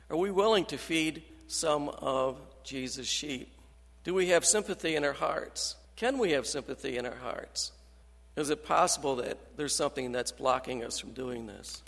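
A man giving an earnest, halting sermon-style talk as a Christian counselor, quoting scripture and restarting his sentences. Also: fairly high pitch, fairly bright tone. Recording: long hall reverb.

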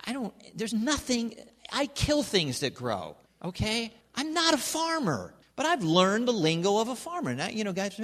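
A male pastor preaching a sermon in a church, animated and constantly prompting the congregation with questions and "okay?". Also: sits high, normal speed, gravelly, few pauses. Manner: animated, calls for congregation response, repeats "okay?". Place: church sanctuary. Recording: reverberant church hall.

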